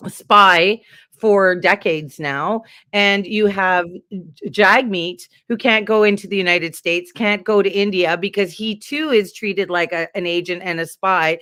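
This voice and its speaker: A woman guest from Canada in casual political chat, talking in a heated, rambling, animated way with many fillers. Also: medium pitch, no echo, studio quality.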